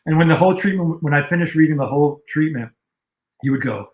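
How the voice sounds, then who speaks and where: A man in casual conversation, recounting old stories in a relaxed, rambling way, with fillers. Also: fairly high pitch, fast talker, muffled recording. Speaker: guest, music video director. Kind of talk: casual storytelling on a livestream. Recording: roomy echo.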